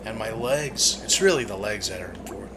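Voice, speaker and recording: Animated man streaming a game. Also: fairly low pitch, a little fast, noisy background. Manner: excitable, profane, joking. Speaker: gaming streamer. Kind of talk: casual let's-play commentary.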